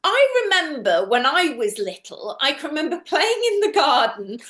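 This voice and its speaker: A woman speaking at a conference, chatty and animated, with lots of "you know". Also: sits high, normal speed, reverberant. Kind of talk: conversational talk.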